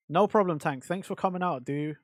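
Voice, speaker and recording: A man's voice: fairly high pitch, no echo, clean studio sound. A male streamer chatting casually on a livestream, rambling and answering chat with lots of fillers.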